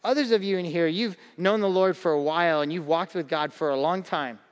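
A man's voice: a little high, a little fast, big-room sound. A male pastor preaching a conversational sermon to a congregation. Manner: conversational preaching, acts out quoted voices.

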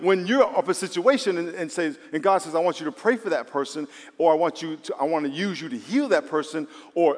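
A male preacher giving a sermon, animated and acting out quoted voices. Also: high-pitched. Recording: long reverb of a hall.

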